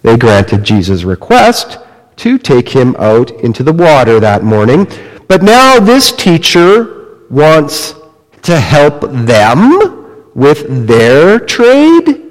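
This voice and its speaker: A man preaching a sermon, retelling a story slowly and dramatically, dropping to a hush and rising again. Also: fairly high pitch, huge pitch swings. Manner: slow, dramatic storytelling with wide swings in loudness. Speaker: pastor. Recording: long reverb of a large hall.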